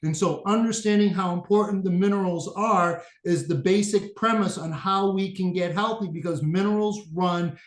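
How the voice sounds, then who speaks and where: A man in his late fifties speaks with a Boston accent, his voice notably high for a man. He tells his story in an earnest, emphatic way. The sound carries a roomy echo. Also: moderate pace, hardly any pauses. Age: 50s. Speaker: guest, functional medicine practitioner. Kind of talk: interview conversation.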